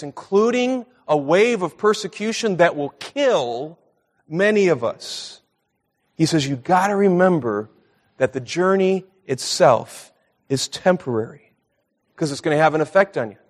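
A middle-aged man delivers a sermon in a church meeting room, his voice sitting noticeably high. He moves easily between casual anecdotes and quoted scripture, repeating phrases for emphasis. The sound carries a long, lingering reverb from the hall. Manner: conversational storytelling preaching, repeats for emphasis. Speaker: pastor.

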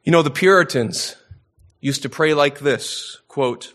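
A man's voice: a little high, measured pace, a bit bright. A man preaching an expository sermon, reading scripture and building to emphatic, rising peaks. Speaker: pastor.

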